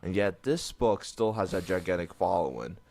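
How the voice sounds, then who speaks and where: A man giving a scripted documentary narration in a measured, matter-of-fact way. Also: sits low, lively intonation, creaky, a little mellow.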